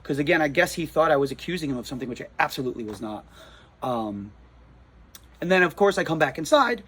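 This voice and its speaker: A man's voice: fairly high pitch, lively intonation, fast talker, a bit bright, breathy edge. A man with a New Jersey accent, a comic shop owner, telling a rattled, rambling story in a casual vlog, full of restarts and repeated words.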